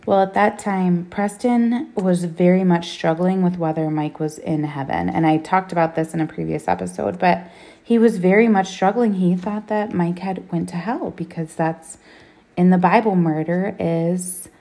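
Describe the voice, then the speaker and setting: A woman's voice: fairly low pitch, mellow. A woman in her thirties hosting a solo podcast, talking candidly and bluntly with plenty of swearing. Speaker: podcast host.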